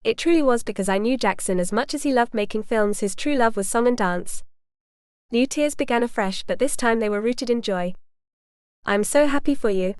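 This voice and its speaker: A woman narrates a first-person audiobook with a wry, expressive touch. Her voice is smooth and polished, set a little high. The sound is close and dry, like a studio booth. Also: fairly quick, no echo.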